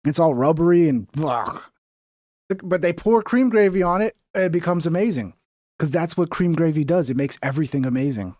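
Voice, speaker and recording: A man's voice: on the high side, brisk, a little mellow, dry recording, clean studio sound. A man from the United States giving rambling, profane, mocking commentary while reacting to clips on a stream.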